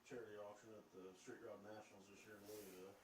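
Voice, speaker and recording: A man's voice: on the low side, little pitch movement, fast, far from the mic. A man with a Southern Indiana accent, chatting plainly as a guest on a live stream. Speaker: guest pinstriper. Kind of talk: casual chat. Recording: echoey room with noise.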